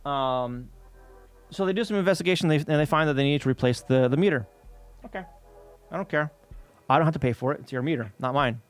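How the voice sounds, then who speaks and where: Male streamer, casual profane rant, slightly high voice, faint music underneath. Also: a little fast, pauses often. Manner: profane, ranting. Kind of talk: casual chat while scanning.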